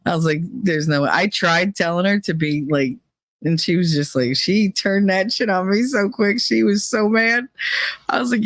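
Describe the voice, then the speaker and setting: A woman's voice: normal speed, no echo. Profane, gossipy woman telling stories. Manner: gossipy, profane, laughing often; animated, jumps up in pitch for punchlines. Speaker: podcast host. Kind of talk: casual storytelling monologue.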